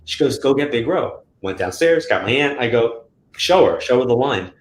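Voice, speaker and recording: A man's voice: mid-range voice, moderate pace, a little hiss or hum. A man being interviewed as a guest, telling stories casually and acting out quotes in a raised voice. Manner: animated, acts out quotes in a raised voice. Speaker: guest psychic medium. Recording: roomy echo.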